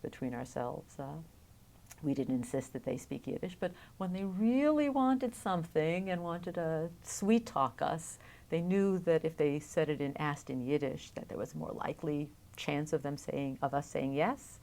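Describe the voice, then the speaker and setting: Low-voiced woman, wry and reflective. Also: lively intonation, moderate pace, gravelly, a little mellow. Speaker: oral history interviewee. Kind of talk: recorded oral history interview.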